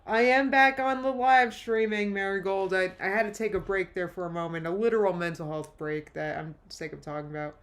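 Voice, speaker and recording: Chatty woman live-stream reactor. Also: lowish voice. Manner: chatty, rambling, quick asides with laughs. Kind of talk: casual live-stream commentary.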